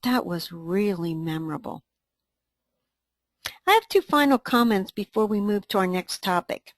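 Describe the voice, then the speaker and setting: A woman co-presenting a training webinar, reading a scripted dialogue in an even, instructive way. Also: mid-range voice, normal speed, dry recording.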